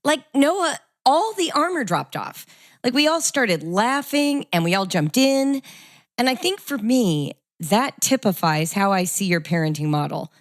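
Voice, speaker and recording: A middle-aged woman hosting a podcast, telling a family story and leading into questions in an animated, conversational way. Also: fairly high pitch, measured pace, no room sound, studio quality. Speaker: podcast host. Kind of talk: conversational interview.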